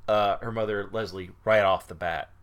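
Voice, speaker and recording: A man's voice: fairly low pitch, fairly even intonation, normal speed. A man co-hosting a podcast, recapping a story in casual chat with fillers and easy laughs. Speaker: podcast co-host.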